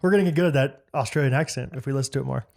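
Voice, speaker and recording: A man co-hosting a casual podcast chat, joking in quick bursts and laughing often. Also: medium pitch, vocal fry, darkish tone. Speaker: podcast co-host.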